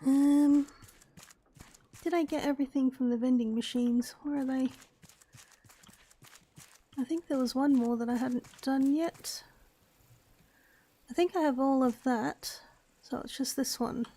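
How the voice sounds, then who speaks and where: A woman's voice: sits high, steady tone, a little slow, pauses often, dark tone, breathy edge. An Australian woman giving casual let's-play commentary, chatting and thinking aloud to herself as she plays. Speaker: gaming YouTuber.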